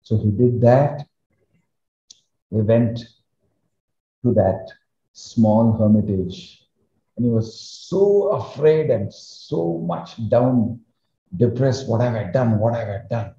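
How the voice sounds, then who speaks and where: A man, a spiritual teacher, retelling a sacred story in a lively discourse with emphatic rises. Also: mid-range voice. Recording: roomy, slightly dull recording.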